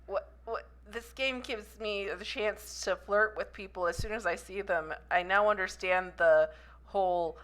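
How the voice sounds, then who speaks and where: A woman's voice: mid-range voice, unhurried, a bit bright. A young woman chatting casually while playing a story game, reading its text aloud and puzzling over it. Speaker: game streamer. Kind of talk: casual gameplay commentary.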